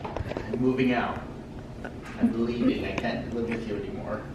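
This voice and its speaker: A man joking in a deadpan way, heard off-camera. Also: medium pitch, a little slow, creaky. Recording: echoey and distant with noise.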